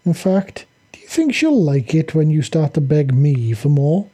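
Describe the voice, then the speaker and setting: A man's voice: on the high side, lively intonation, moderate pace, dark tone, breathy edge. A man reading aloud and voicing a seductive, cruel female fallen angel who taunts and mocks in a sultry way. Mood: sultry taunting.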